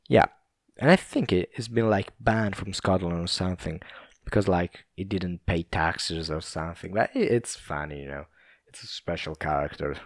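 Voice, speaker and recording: Gravelly low-voiced Italian man rambling. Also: no echo, clean studio sound. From Italy. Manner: rambling, chuckling, casually profane. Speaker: podcast host. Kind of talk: casual solo podcast chat.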